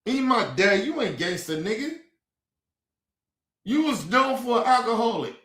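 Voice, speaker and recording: A man from ranting hard on a livestream, profane and repetitive, bursting into shouts. His voice sits high and swings widely in pitch. The sound carries a roomy echo. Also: sing-song, measured pace. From Baltimore. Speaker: streamer. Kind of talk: heated livestream rant.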